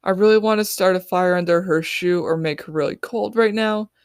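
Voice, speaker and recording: A woman's voice: lowish voice, fairly quick, smooth, dry recording, clean studio sound. A woman author reading her own novel in the first person on her podcast.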